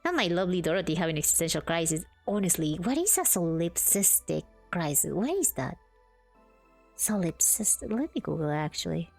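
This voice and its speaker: A bubbly young woman chatting with her stream viewers between game scenes. Her voice moves lively up and down as she greets people. Faint music runs in the background. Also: fairly low pitch, fairly quick, creaky. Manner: bubbly, greets chat warmly. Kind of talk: casual chat while gaming.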